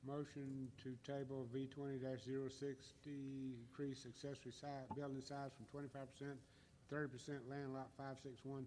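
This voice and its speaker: Male board member, monotone delivery, reads motions, faint hall ambience. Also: mid-range voice, normal speed, slight background noise. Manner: flat, even recitation of figures. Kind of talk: reading motions aloud. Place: community center gym.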